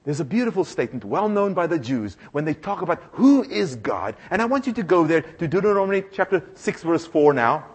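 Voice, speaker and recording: Male preacher, high voice, animated storyteller who gets the congregation repeating lines. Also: brisk, hardly any pauses, husky. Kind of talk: sermon.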